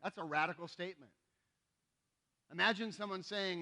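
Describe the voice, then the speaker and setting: Bright-voiced, high-pitched preacher man. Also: fairly quick. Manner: conversational, asks the congregation for responses; emphatic repetition. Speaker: pastor. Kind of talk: sermon.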